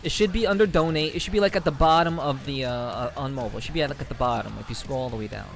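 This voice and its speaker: A man's voice: medium pitch, racing, gravelly. A man chatting casually with his livestream audience in a profane, rambling way, often repeating himself and laughing. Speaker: livestreamer reading chat. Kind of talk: casual stream chat. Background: faint background music.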